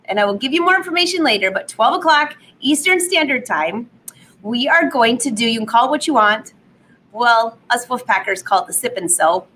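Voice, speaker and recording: A woman hosts a casual live sewing stream from her studio at home. Her voice sits a bit high and is slightly hoarse from a cold, and her talk is chatty and upbeat, with laughs at her own jokes. A faint hum of noise runs underneath. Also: a bit bright, rough recording. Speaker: sewing vlog host.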